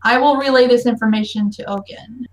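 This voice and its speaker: Woman doing a formal fairy guy, measured and stern, high, kinda far from mic. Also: fairly even intonation, lightly acted.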